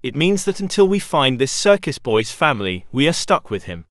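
A man's voice: medium pitch, sing-song, normal speed, fairly bright tone, no room sound, studio quality. A man voicing a sour, blunt male animal pirate in a storybook who mutters and grumbles. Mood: grumbling.

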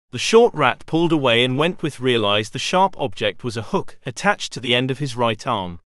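A man reading a children's storybook aloud in an expressive way. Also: medium pitch, moderate pace, few pauses, no echo, clean studio sound. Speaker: narrator. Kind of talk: storybook narration.

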